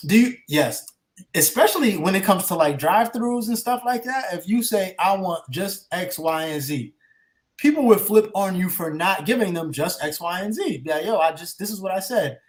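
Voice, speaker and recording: Dry-humored high-voiced man. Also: expressive, normal speed. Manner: dry teasing replies, short interjections. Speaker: podcast co-host. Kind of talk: casual chat.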